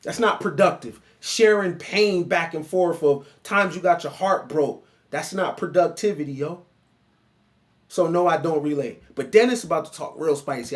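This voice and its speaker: A man's voice: on the high side, normal speed. A man hosting a reaction commentary, blunt and emphatic, talking back at the clip he is watching. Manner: blunt, emphatic, keeps addressing the other man by name.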